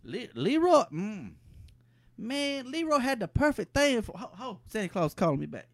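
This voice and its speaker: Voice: medium pitch, big pitch swings, normal speed, no echo. A performer playing Santa's laid-back male cousin Leroy, drawling slang and calling everyone man in a comedic improvised bit. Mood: laid-back boasting.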